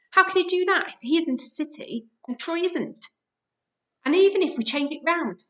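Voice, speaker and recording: A woman reading a storybook aloud, voicing a bossy, boastful male god stuck as a hamster who squeaks, sulks and booms. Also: a bit bright. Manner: huffy, squeaky, booming when proclaiming. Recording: dull lo-fi recording.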